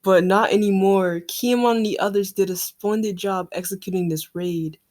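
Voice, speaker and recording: A woman's voice: mid-range voice, fairly even intonation, normal speed, a little mellow, close to an everyday voice. A woman reading aloud the lines of a dying old yakuza boss from a comic. She speaks solemnly and stumbles over some of the words. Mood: wistful.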